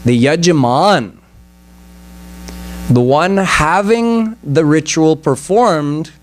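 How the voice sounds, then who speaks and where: A man voicing God in a story, answering calmly and patiently in close to his own voice. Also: fairly high pitch, drawn-out words. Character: God, calm and corrective male deity.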